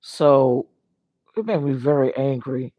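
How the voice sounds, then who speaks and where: A man's voice: medium pitch, expressive, takes it slowly, dry recording, muffled recording. An older man talking earnestly on a casual livestream, rambling and circling back to the same points. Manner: rambling, earnest, repeats "you know what I mean". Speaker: livestream host.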